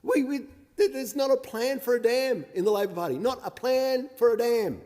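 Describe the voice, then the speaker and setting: A man's voice: very high voice, expressive, normal speed, dark tone. An Australian man, a member of parliament, giving a combative and sarcastic debate speech, mocking his opponents. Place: large parliamentary chamber. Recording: long reverb of a large chamber.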